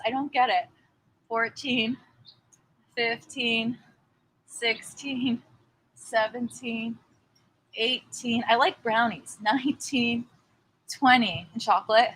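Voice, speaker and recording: A young woman talks in a bright, slightly high voice, chatting to viewers on a casual livestream. She rambles and thanks people by name. She is outdoors in front of her house, picked up by a laptop mic. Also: slow pace, pauses often, a little hiss or hum, low-quality recording. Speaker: livestream host. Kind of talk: casual livestream chat, reading aloud. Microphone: laptop or webcam mic.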